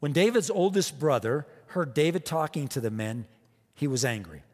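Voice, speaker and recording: A man preaching with an emphatic, repetitive cadence, piling up rhetorical questions. His voice sits a touch high for a man. It rings with the long reverb of a big church sanctuary. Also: animated, moderate pace, husky. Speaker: pastor. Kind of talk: sermon.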